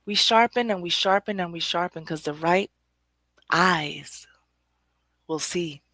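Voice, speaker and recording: A woman's voice: on the low side, a little slow, bright, forceful tone, no echo. A woman hosting a poetry show, giving a rambling, conversational motivational talk straight to her audience with frequent laughter. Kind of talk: motivational monologue.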